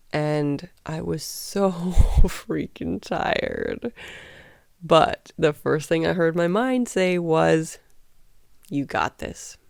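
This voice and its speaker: Woman in her thirties, casual vlog storytelling, candid and chatty, gravelly fry, smooth tone. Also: low-pitched, a little mellow, no echo, studio quality. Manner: chatty, candid, with frequent fillers and laughs. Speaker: vlogger.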